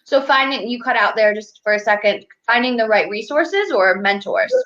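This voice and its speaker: A woman's voice: a little high, expressive, normal speed, fairly bright tone. A woman speaking as a guest, a financial advocate and life coach, talking candidly and motivationally over a video call. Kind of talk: casual interview conversation. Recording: dull lo-fi video call audio.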